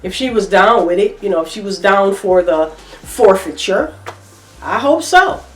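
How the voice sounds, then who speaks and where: Woman, middle-aged, reaction vlogger, emphatic and repetitive, slow delivery, roomy distant recording. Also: medium pitch, lively intonation, faint music behind. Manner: emphatic, repetitive, indignant commentary. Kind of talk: opinion commentary vlog. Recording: echoey room, voice off-mic.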